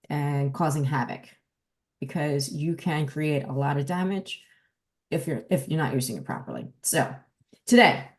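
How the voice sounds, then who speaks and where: Woman, New Jersey accent, dog trainer podcast host, lower voice, emphatic teacher. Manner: emphatic, lively teaching delivery. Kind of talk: casual podcast talk.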